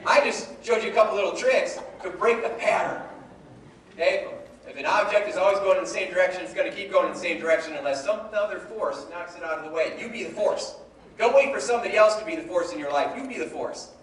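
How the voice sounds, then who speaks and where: Animated Midwestern American man speaking onstage. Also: sits high, fast, a little hiss or hum. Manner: humorous and animated, with playful voices. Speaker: motivational speaker. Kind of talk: live motivational talk. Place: large event hall with a live audience. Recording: echoey hall recorded from far off. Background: audience laughter and room ambience.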